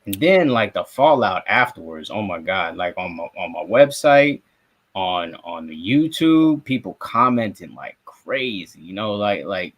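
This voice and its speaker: A man's voice: sits low, big pitch swings, unhurried. A young man from South Florida, a sports podcast co-host and reporter, telling a story in casual sports talk. He acts out his own reactions and swears freely.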